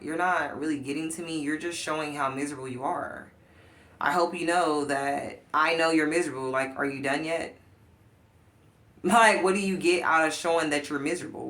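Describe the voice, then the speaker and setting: In an off-the-cuff vlog, a female life coach vents with blunt, profane emphasis. Her volume swings from loud bursts down to quiet muttering.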